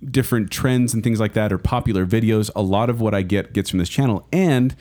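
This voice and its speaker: A man with a somewhat low voice co-hosts a casual podcast chat. He rambles eagerly, full of fillers and restarts. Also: brisk, dark tone. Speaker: podcast co-host.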